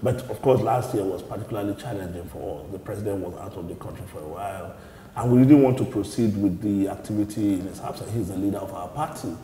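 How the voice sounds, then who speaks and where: A man speaks as a party spokesman in an interview. His voice is mellow and dark, with even pitch. His answers are measured and explanatory. The room has a long, echoey reverb. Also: slight background noise. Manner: measured, explanatory, repeats words when restarting.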